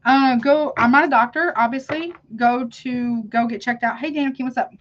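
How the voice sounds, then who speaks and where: Chatty woman tarot reader, slightly high voice. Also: fairly even intonation, moderate pace, highs cut off, slight background noise. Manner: chatty, calls viewers honey, self-interrupting. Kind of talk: live tarot reading, reacting to chat.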